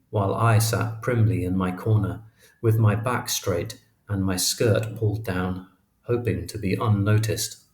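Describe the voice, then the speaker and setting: Low-voiced male audiobook narrator. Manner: measured, expressive storytelling. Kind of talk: audiobook reading of a memoir. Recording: roomy echo.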